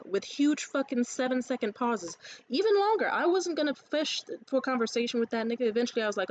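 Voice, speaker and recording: A woman ranting casually to the camera, telling stories in a lively, profane way and acting out other people's lines. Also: on the high side. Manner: animated, profane storytelling; acts out others' lines in quick asides. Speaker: vlogger.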